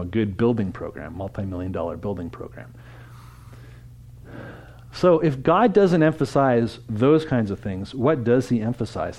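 A man speaking at a conference, preaching in a relaxed, conversational way. His voice sits mid-range, and he keeps turning to the audience with questions. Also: mid-range voice. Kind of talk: interactive church talk.

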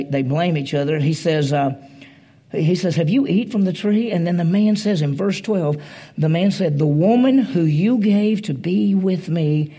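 A man's voice: fairly high pitch, mellow. A man preaching a conversational sermon, acting out the quoted voices as he retells a story.

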